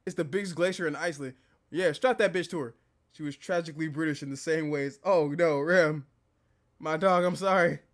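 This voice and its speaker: A male streamer, loudly trash-talking his way through a game on stream. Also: fairly high pitch, fairly quick. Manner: loud, profane, animated trash talk. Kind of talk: casual gaming commentary.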